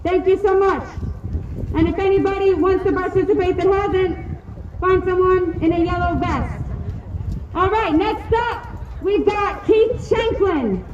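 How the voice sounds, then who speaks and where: A woman emceeing an outdoor protest rally, introducing speakers in a brisk, rousing way. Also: extremely high pitch, a little mellow, highs cut off. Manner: brisk, rousing, announcing to a crowd. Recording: echoey open-air PA with crowd noise.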